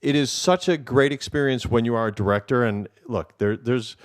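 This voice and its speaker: A man's voice: mid-range voice, normal speed. A man who directs theater, speaking casually to an audience and rambling with lots of fillers and restarts.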